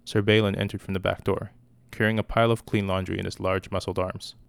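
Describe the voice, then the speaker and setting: Male reader, steady measured narration, low and gravelly, dry. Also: no room sound. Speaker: audiobook reader. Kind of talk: scripted narration.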